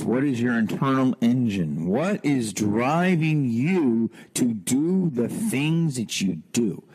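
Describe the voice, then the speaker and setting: A man in his thirties hosting a podcast, telling personal stories in an animated way, swearing freely and climbing high on rhetorical questions. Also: slightly rough. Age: 30s. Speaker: podcast host. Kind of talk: personal storytelling monologue.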